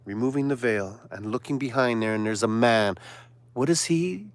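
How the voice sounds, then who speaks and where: A man hosting a live stream, delivering a sarcastic, preachy monologue that now and then drops to a hushed whisper. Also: medium pitch, moderate pace, no echo. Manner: sarcastic, mocking asides; preachy, sermon-like exhortation.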